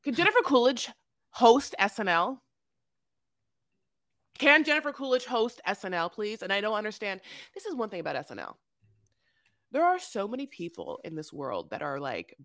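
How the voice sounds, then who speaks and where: A woman's voice: on the low side, vocal fry, fairly bright tone, no echo, studio quality. A woman co-hosting a podcast, chatting casually and sassily, calling people "honey" and swearing freely as she goes off on tangents. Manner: sassy, tangent-prone, peppers talk with "honey" and swearing. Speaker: podcast co-host. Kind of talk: casual reality-TV recap chat.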